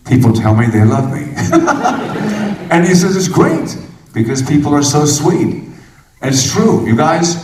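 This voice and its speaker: A man in his sixties speaking on stage at a fan convention, rambling through casual, jokey anecdotes. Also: fairly high pitch. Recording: echoey hall recorded from far off.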